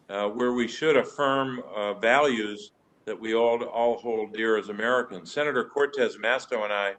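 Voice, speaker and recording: A man, a senator joining a hearing remotely, making measured formal remarks and questions with small restarts. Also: mid-range voice, fairly bright tone, rough recording. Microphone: joining remotely over the web.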